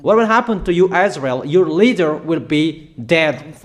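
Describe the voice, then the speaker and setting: A man's voice: fairly high pitch, lively intonation, measured pace. A man with a delivery preaching prophetic declarations, emphatic and repetitive, calling out to nations directly. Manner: emphatic, repeats warnings, addresses nations directly.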